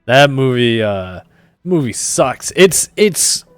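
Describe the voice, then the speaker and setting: A man's voice: medium pitch, slow, smooth, dry recording. Young guy streaming, rambly and swearing a lot, voice bouncing all over, faint music in the back. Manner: rambling, animated, swears often, many restarts. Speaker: Twitch streamer. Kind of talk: casual stream chat, reading and answering chat.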